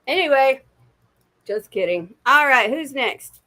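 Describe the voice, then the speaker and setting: A woman's voice: high voice, animated, slow pace, bright, forceful tone. A woman giving casual livestream intuitive readings from her couch, chatty and swearing freely. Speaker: intuitive reader. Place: home, on a couch.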